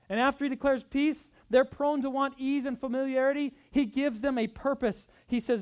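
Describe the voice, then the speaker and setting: Male pastor preaching, goes real quiet then gets loud and urgent, chatty asides. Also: very high voice, normal speed, few pauses, lo-fi sound. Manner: swings between hushed tenderness and loud urgent exhortation; acts out quoted speech in conversational asides. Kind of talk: sermon.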